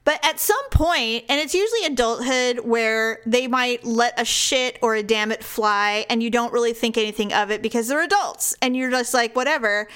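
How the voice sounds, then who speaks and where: A woman with a fairly high voice tells a long story in casual chat. She rambles, restarts her sentences and fills the gaps with "like". Her pitch sits above that of most women. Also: moderate pace, few pauses, fairly bright tone, smooth. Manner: rambling storyteller with many fillers and laughs.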